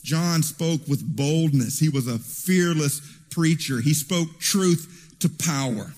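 A man preaching a sermon in an animated storytelling way, heard in a church hall with reverb. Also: on the high side, takes it slowly. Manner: animated storytelling with acted quotes.

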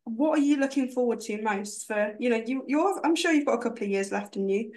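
A woman co-hosting a podcast, quick-witted and teasing. Her voice sits a little high. She chats casually and jokes at her guest's expense. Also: darkish tone. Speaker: podcast co-host.

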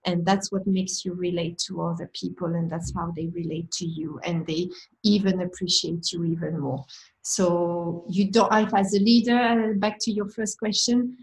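A woman's voice: medium pitch, a little mellow, poor audio. A woman guest who manages a team, talking frankly and reflectively in a conversational storytelling way, with small restarts.

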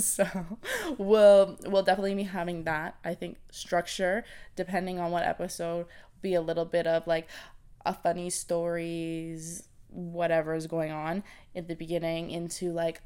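A woman's voice: lowish voice, darkish tone, clear, resonant tone. A young woman from Canada hosting a podcast, chatting casually and bubbly, with lots of likes and yeahs. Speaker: podcast host. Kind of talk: casual chat.

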